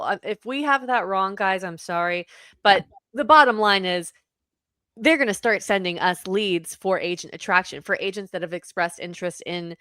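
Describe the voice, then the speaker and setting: A woman co-hosting a casual podcast, talking excitedly and often backtracking to correct herself. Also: lowish voice, no echo. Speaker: podcast co-host.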